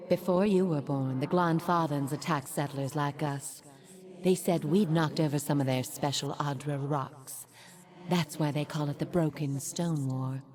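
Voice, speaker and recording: Hoarse ghostly mother. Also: steady tone, unhurried, a little mellow, a little hiss or hum. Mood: solemn. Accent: slight Southern US. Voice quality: low and hoarse. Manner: solemn, vengeful. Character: grim widowed mother, spectral, bitter. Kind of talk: video game voice acting.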